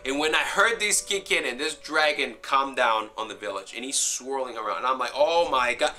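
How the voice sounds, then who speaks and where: A young man giving a rambling, excited review of a video game, acting out his own reactions and saying "man" a lot. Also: medium pitch, fairly quick.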